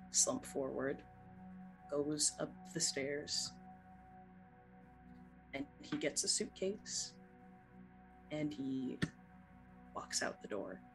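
A game master narrating a tabletop role-playing scene in an unhurried, filler-laden way. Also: medium pitch, rough recording.

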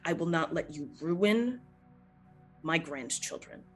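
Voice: medium pitch, lively intonation, slow, faint music behind, low-quality recording. A game master voicing a stern older grandmother who gives cold, commanding threats.

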